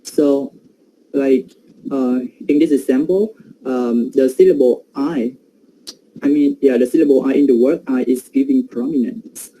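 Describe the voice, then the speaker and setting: A man's voice: medium pitch, a little slow, dark tone, poor audio. A man giving an academic presentation on pronunciation, hesitant and full of fillers.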